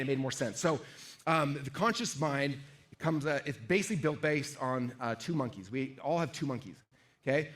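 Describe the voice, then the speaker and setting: A middle-aged man runs a live sales seminar, talking quickly in a slightly raised voice. He keeps checking in with the crowd and acts out the voices inside people's heads. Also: a little high. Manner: energetic, asks the audience questions, acts out inner voices. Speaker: sales trainer. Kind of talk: live seminar talk to an audience.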